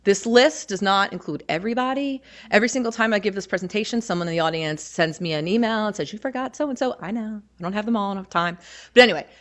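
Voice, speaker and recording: A woman with a Baltimore accent talks to a roomful of newly admitted students. Her delivery is upbeat and conversational, with a voice of ordinary pitch. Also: fast talker, a bit bright, highs cut off. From Baltimore, Maryland. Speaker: campus service office presenter. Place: lecture hall.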